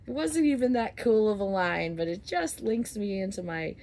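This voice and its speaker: A woman in her forties talking to her viewers in a candid, rambling monologue, cursing freely and swinging between loud outbursts and soft asides. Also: fairly low pitch, takes it slowly, long pauses, slight background noise. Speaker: vlogger. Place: outdoors under a flight path.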